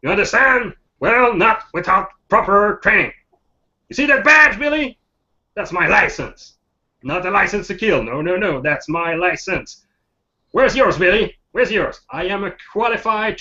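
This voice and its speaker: A man's voice: high-pitched, expressive, unhurried, pushed and bright, voice pushed up, heavily acted. A man voicing a cranky handyman in his fifties who barks orders at a kid. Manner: gruff, barking orders. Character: cranky middle-aged male pyrotechnician handyman. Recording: dull lo-fi sound.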